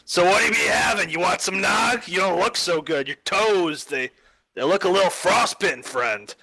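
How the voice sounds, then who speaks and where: A man's voice: high-pitched, animated, moderate pace, creaky, pushed and bright, exaggerated voice. A man voicing a blunt, teasing male tavern keeper. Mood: wry.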